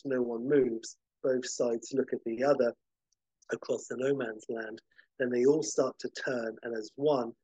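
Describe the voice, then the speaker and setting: A man hosting a podcast, narrating a film pitch vividly, with occasional fillers. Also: dark tone, breathy edge, no echo, highs cut off. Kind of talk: animated story pitch.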